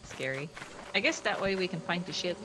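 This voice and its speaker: A man gaming with friends, playful and animated, yelling when in danger. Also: sits high, brisk, low-quality recording. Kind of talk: casual gaming chat with friends. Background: game music.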